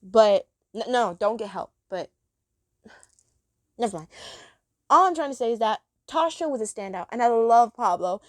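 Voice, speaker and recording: A woman's voice: on the high side, expressive, moderate pace, long pauses, dry recording, clean studio sound. A woman reviewing a cartoon episode in a chatty, rambling monologue, gushing about the characters.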